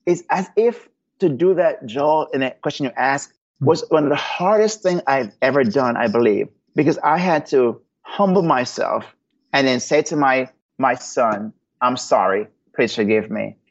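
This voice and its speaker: A man's voice: medium pitch, expressive, normal speed, lo-fi sound. A man answering podcast interview questions, telling personal stories in an earnest, preacherly way. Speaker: guest.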